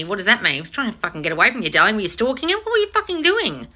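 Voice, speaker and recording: A woman's voice: mid-range voice, racing, few pauses. A woman hosting a live stream as a manifestation coach, answering viewer comments bluntly with lots of swearing and mocking impressions. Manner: blunt and sweary, with frequent mocking put-on voices; animated, teasing, talks straight to viewers.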